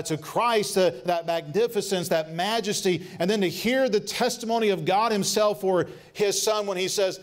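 A male pastor preaching a sermon earnestly, often pausing with fillers and restarting phrases, slowing down to dwell on scripture quotes. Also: sits high.

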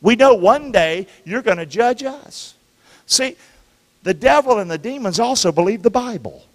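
A man preaching a sermon to his congregation as their pastor, with animated delivery and frequent call-and-response questions to the listeners. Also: high-pitched, normal speed. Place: church sanctuary. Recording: long reverb of a church hall.

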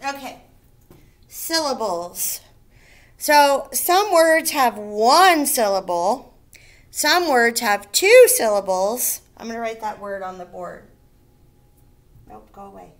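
Slow, patient woman teaching young kids. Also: a little high, sing-song. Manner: slow, patient, stretching out each word for children. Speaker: first grade teacher. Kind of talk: recorded remote phonics lesson.

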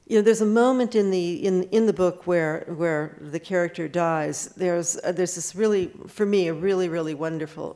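A woman's voice: on the low side, creaky, a little mellow. An older American woman, an author, chatting with an audience at a book event and often restarting her sentences. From United States. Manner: chatty, with frequent restarts and quick asides. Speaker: author answering audience questions. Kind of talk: casual talk at a book event.

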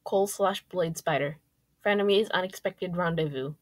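A woman reading her first-person fan fiction aloud, lively and jumping up on exclamations. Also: lowish voice, normal speed.

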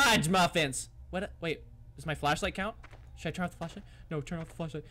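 A man commentating a horror game, muttering to himself, reading text aloud and yelling in alarm. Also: sits high, brisk, background noise. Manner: jumpy and excitable, swearing, yelling at the game. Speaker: gaming YouTuber.

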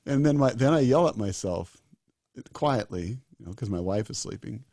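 A man's voice: medium pitch, animated, brisk, gravelly, dark tone, dry recording, studio quality. A man in his sixties, a disaster doctor as a guest, talking earnestly and emphatically and repeating his key phrases. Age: 60s. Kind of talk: earnest interview talk.

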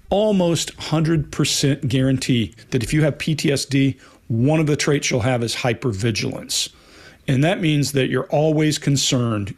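Male panelist, blunt and emphatic, drives points home. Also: mid-range voice. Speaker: panel commentator. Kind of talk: casual commentary panel.

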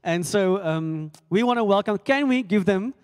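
This high-voiced South African pastor is animated as he delivers the welcome and announcements at a church hall service, though his speech is halting and packed with fillers and self-deprecating humor. The recording has a little hiss or hum and the long reverb of an echoey hall.

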